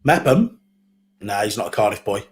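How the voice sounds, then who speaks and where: A man's voice: lowish voice, lively intonation, normal speed. A man co-hosting a live football watchalong, chatting casually in short, laid-back replies.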